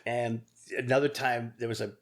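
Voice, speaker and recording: A middle-aged man, a podcast guest, telling his own story candidly, profanely and haltingly, with many restarts. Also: mid-range voice, fairly even intonation, creaky, a crowd in the background. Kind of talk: casual storytelling interview.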